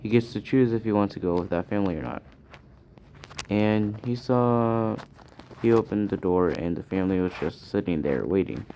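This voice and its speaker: A man's voice: fairly low pitch, moderate pace, warm tone, a little hiss or hum. A man improvising a fan story aloud, rambling and hesitant as he thinks it up.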